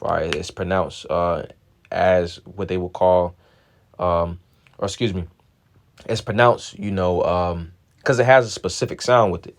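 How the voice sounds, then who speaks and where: A man giving an informal scripture lesson, halting and restarting often and checking in with "all right" after nearly every point, reading verses aloud in a plain measured tone. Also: deep voice, creaky, no echo. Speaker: Bible teacher.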